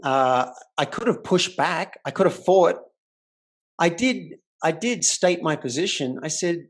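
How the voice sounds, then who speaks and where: A male coach guesting on a podcast, telling a story with lively swings in his voice. He talks in a vivid, animated way, quickening and slowing as he goes. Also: fairly high pitch. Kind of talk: casual interview storytelling. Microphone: remote call.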